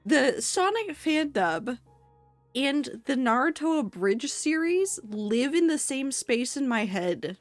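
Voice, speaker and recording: A woman's voice: high voice, dry recording. A woman streaming a video game, chatting casually with her viewers, giggly and talkative as she plays. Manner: chatty, giggly, reads chat aloud. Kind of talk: casual gaming stream chat.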